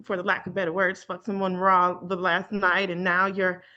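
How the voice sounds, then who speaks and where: A woman's voice: on the low side, monotone, normal speed, sharp tone, dull audio. A woman from North Carolina, a podcast guest in casual political chat, talking earnestly and bluntly and often ending with "right?".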